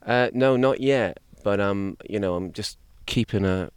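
Jokey priest, low voice. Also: male voice, clean tone, no echo. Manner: jokey, animated, quick to do voices. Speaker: priest, podcast guest. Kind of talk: casual interview chat. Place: outdoors by a lake at a camp.

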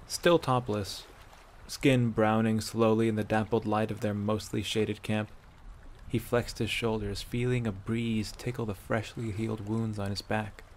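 Gravelly male storyteller. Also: on the low side. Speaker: audiobook narrator. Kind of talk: reading fan fiction aloud.

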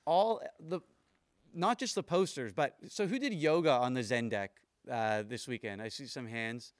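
A man hosting a casual live podcast chat at a camp event, animated and laughing often, tired from no sleep. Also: medium pitch, normal speed, no echo. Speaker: podcast host.

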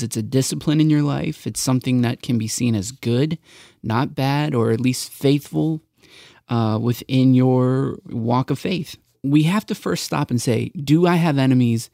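A man's voice: mid-range voice, creaky, mellow, no room sound, clean studio sound. A man co-hosting a church podcast, chatting casually and teasing his co-host with jokes. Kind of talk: casual chat.

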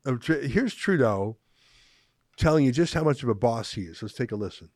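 A man's voice: medium pitch, animated, normal speed, darkish tone, no room sound, studio quality. A man giving sarcastic political commentary with a mocking edge. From Canada. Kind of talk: opinion commentary.

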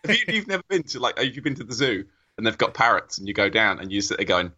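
Husky, animated man joking, lo-fi mic. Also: fairly low pitch, quick pace. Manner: jokey, lively storytelling. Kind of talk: casual book discussion. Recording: slightly dull lo-fi mic.

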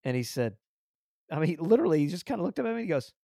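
A man hosts a podcast and tells stories, acting out the lines of the people in them. His voice sits a little high, and the sound is close and dry. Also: very fast, vocal fry, husky, dry recording. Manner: animated storyteller, acts out dialogue, repeats words. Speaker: podcast host. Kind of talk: casual storytelling interview.

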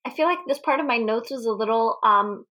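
Bright, animated young woman chatting. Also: a little high, brisk. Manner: animated, laughs often, swears freely. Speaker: podcast co-host. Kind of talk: casual movie recap chat.

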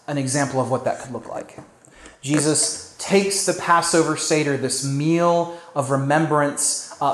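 A man's voice: medium pitch, a little hiss or hum. Conversational male pastor in a roomy church. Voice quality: conversational with fillers and restarts, quiet dialogue for quoted figures. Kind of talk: sermon retelling a play.

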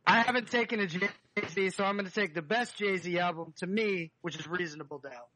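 A man chatting casually on a podcast, animated and joking, picking albums in a draft. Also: sits high, crowd noise, rough recording. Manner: animated, joking, quick to riff.

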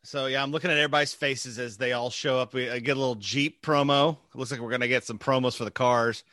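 A man's voice: mid-range voice, fairly even intonation, fast talker, pushed and bright, no room sound, studio quality. A man casually chatting about a movie trailer as a co-host, joking and dropping into silly impressions. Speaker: podcast co-host.

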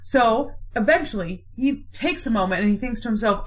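A woman's voice: fairly high pitch, expressive. Playful woman retelling a play. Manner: playful, does quick mock voices for characters. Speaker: podcast co-host retelling a play. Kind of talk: casual comedic retelling.

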